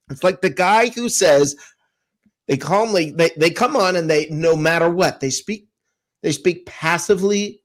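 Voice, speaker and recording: A man with a fairly high voice co-hosts a sports talk show. He rants in a sarcastic, animated way and slips into mocking impressions of smug fans. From Tampa. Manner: animated, sarcastic, mocks others in a calm put-on voice. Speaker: co-host.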